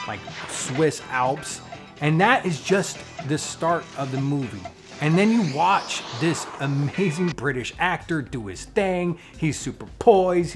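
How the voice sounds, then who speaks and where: A man hosting his own vlog, chatting casually in a playful, animated way and joking about his strong opinions. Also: fairly high pitch. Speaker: vlogger and channel host.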